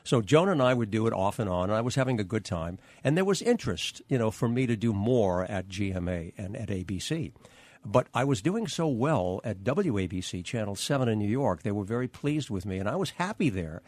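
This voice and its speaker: Older male anchor telling animated stories. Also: lowish voice, fairly quick, dry recording. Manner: animated anecdotes, acts out quoted dialogue. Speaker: news anchor, guest. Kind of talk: storytelling interview answers.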